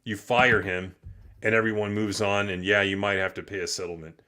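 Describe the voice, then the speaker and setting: A man's voice: fairly low pitch, steady tone, a little fast, pushed and bright. A man hosting a loose, opinionated live-stream chat, swearing casually. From United States. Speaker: podcast host.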